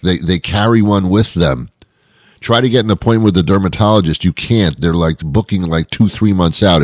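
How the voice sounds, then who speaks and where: A man's voice: low-pitched, no echo, clean studio sound. A man hosting a talk show, rambling through a sarcastic comic monologue. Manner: sarcastic, rambling, puts on silly voices. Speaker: radio show host.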